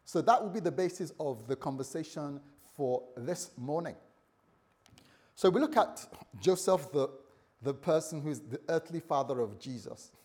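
A man preaches a morning sermon in a chatty way, his darkish voice moving at a moderate pace with lively intonation. He jokes with the congregation in playful asides and acts out the story's dialogue, shifting his pitch and volume.

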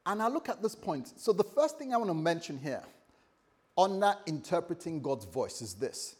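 Lively preaching pastor, husky voice. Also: male voice, on the high side, normal speed. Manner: lively, repetitive preaching with sudden loud and soft turns. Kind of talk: sermon.

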